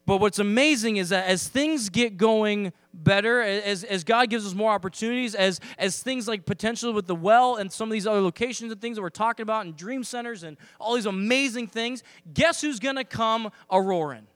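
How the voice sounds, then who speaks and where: Male pastor, sermon delivery. Voice sits high for a man, lively and conversational, with dry close-miked sound and a low mains hum behind. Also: brisk, few pauses, no room sound. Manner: animated, conversational preaching with acted-out asides.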